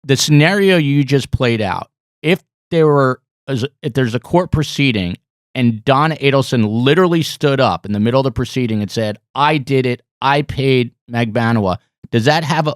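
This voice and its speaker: A man's voice: medium pitch, normal speed, no echo, studio quality. Podcast host man asking questions. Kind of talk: casual interview.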